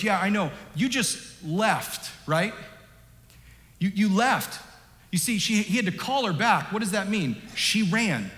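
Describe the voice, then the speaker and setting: A male pastor delivers an emphatic, animated sermon in a slightly high voice. His words bounce around a large church hall. A long tail of reverb follows each phrase. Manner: animated, emphatic, varies loudness.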